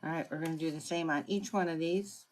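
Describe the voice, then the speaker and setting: Greeting viewers by name, a woman chats her way through each step of a live crafting tutorial. Her voice is deep and she talks fast.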